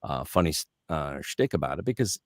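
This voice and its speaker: A middle-aged man with a very deep voice tells stories in a relaxed, casual chat. He quotes people with quick character voices, and the sound is dry and close with no room around it. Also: dry recording. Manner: animated anecdotes, slips into character voices for quotes. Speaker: voice actor guest.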